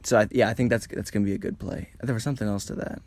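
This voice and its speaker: A man's voice: fairly low pitch, steady tone, rapid-fire, darkish tone. A young man from Ohio co-hosting a podcast in casual chat, rambling and joking with frequent laughs. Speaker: podcast co-host.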